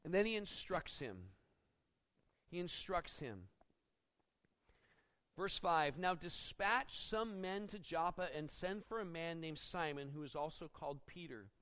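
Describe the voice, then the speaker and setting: A man's voice: on the high side, unhurried, pauses often. A man preaching a sermon, reading scripture and acting out the people in it. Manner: expository preaching with acted-out quotes; animated, rising when dramatizing. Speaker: pastor.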